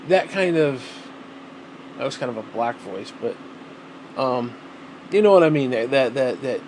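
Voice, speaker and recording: A man's voice: medium pitch, animated, unhurried, long pauses, a little mellow, a little hiss or hum, poor audio. A man talking casually to the camera at home, rambling and swearing freely. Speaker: vlogger.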